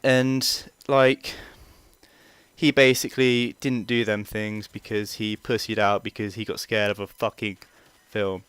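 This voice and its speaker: Chatty young man, very clear voice. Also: on the low side, little pitch movement, measured pace, fairly bright tone, no room sound. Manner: rambling, chatty, swears freely, many fillers. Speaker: vlogger. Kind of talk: casual storytelling.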